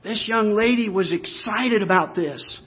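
A man's voice: a little slow, husky, dull audio. Impassioned man preaching a sermon. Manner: builds from low and quiet to loud emphatic repetition. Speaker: pastor.

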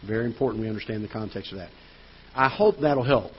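A male pastor delivering a sermon in a church auditorium, earnest, pressing points, then dropping quiet. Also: on the low side, fast talker, breathy edge, muffled recording. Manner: earnest preaching with rising emphasis and quiet drops.

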